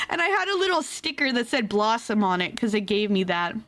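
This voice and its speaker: A young woman VTuber telling a story in a casual, animated way, laughing often. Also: brisk, faint music behind. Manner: animated, laughs often, acts out quotes in high squeals. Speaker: VTuber streamer.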